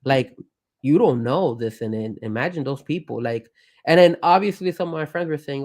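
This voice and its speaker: A man's voice: mid-range voice, lively intonation, a little fast, darkish tone. A man co-hosting a live show, talking emotionally in a loose, rambling way. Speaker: co-host. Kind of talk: casual live show chat.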